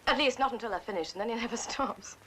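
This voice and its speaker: An actress playing a polite, hospitable innkeeper's wife in a period film. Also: female voice, a little high, quick pace, fairly bright tone, lightly acted.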